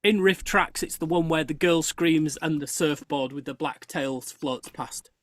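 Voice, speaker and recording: A host in casual chat tells a story with animated energy, stopping and restarting mid-sentence. The voice sits at a middling pitch, recorded dry and close with no room sound. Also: measured pace, no echo. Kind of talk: casual chat on a live show.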